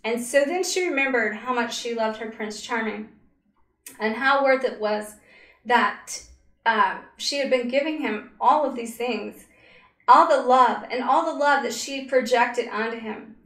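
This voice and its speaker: A woman narrating a story slowly and dramatically, with pauses and fillers, as a spiritual coach. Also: on the high side, fairly bright tone. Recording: roomy echo.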